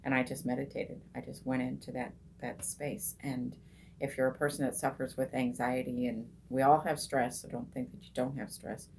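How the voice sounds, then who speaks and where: Speaking flatly in a low pitch, this middle-aged meditation coach and group host gives an easygoing teaching talk, unhurried and full of ums and restarts. Her voice grows soft and very slow when she leads the breath, and faint room hum lies beneath it.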